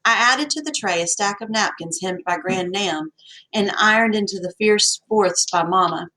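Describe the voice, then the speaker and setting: A woman reads a story aloud in the first person, folksy and expressive. Her voice sits mid-pitch for a woman, telling the tale in an easy storyteller's way. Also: moderate pace, low-quality recording. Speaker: audiobook narrator. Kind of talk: scripted first-person narration.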